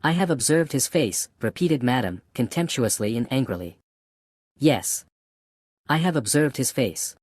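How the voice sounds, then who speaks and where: Un hombre interpreta a una tabernera severa y vengativa, de desprecio frío e insistente, con una voz grave y seca en un audiolibro. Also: male voice, medium pitch, lively intonation, measured pace, no echo, studio quality. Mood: contemptuous. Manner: contemptuous, cold and insistent. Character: Madame Defarge, stern vengeful wine-shop woman.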